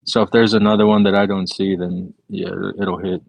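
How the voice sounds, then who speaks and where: A man's voice: deep voice, level tone, normal speed, gravelly, no echo, low-quality recording. A man playing a tabletop game, chatting casually and checking rules aloud. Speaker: player.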